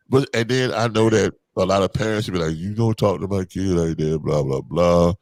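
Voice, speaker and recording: A man co-hosting a casual podcast chat, animated and swearing freely, his voice jumping up loud when he gets worked up. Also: deep voice, fairly quick, hardly any pauses, dry recording. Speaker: podcast co-host.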